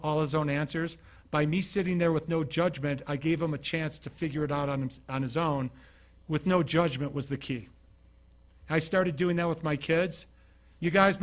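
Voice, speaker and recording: A middle-aged man speaking as a keynote speaker in a studio, with a slightly high voice for a man. He tells stories from his own life and acts out each quoted line of dialogue. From Utah. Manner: storytelling, acting out quoted dialogue. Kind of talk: motivational talk.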